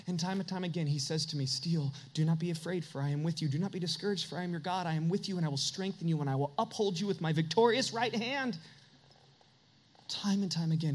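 A man's voice: high voice, animated, brisk. A middle-aged man preaching a sermon as pastor, earnest and confessional, building to emphatic peaks.

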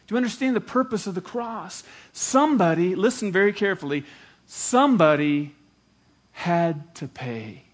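A man's voice: high-pitched, lively intonation, moderate pace. A male pastor preaching a sermon, emphatic and dramatic in storytelling.

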